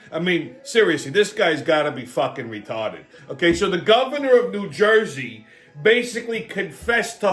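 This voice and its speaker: Brash and swaggering, a male host with a high, fairly bright voice delivers a profane comedic political rant full of swearing.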